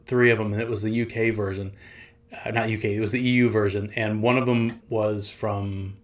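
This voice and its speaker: A man's voice: lowish voice, level tone, fairly quick. A man hosting a casual podcast, rambling and laughing often as he tells stories. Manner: rambling, frequent restarts and laughter. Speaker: podcast host. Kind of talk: casual chat.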